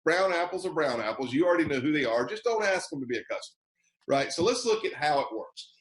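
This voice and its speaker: A man's voice: on the high side, lively intonation, fast, echoey room, poor audio. An American man giving a motivational sales training over a video call, emphatic and repeating key phrases, acting out sample phone calls.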